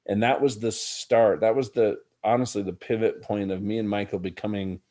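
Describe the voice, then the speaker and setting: A man's voice: on the low side, fairly even intonation, normal speed, dark tone. Earnest middle-aged man telling a story. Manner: earnest, reflective, addresses the host by name. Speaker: podcast guest, author. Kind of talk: personal storytelling in a podcast interview.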